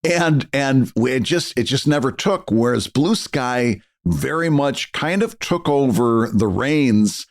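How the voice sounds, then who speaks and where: Podcast co-host guy, thinks out loud, stumbles a bit, lively pitch. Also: gravelly. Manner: thoughtful, halting with restarts. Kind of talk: casual chat.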